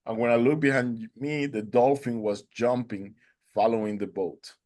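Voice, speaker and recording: A man earnestly telling a personal story, halting and restarting as he goes. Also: medium pitch, fairly even intonation, a little mellow.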